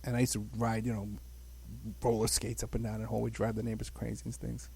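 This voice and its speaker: Husky-voiced older man from the Bronx. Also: on the low side, completely flat delivery, brisk, mellow. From the Bronx, New York. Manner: rambling, chuckling, full of "you know". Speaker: guest recounting his childhood. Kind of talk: casual storytelling on a podcast.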